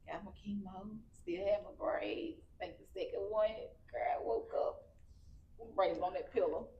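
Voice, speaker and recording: A woman's voice: medium pitch, fairly even intonation, measured pace, muffled recording, slight background noise. A woman in her thirties, a podcast guest telling her story candidly and with emotion in casual speech. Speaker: podcast guest, cancer survivor. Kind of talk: casual heartfelt interview.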